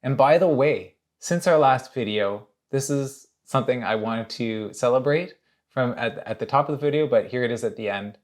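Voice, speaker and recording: A man hosting his own channel, talking candidly and earnestly in a halting way, with many restarts. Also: mid-range voice. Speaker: illustrator and channel host. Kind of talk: candid casual monologue.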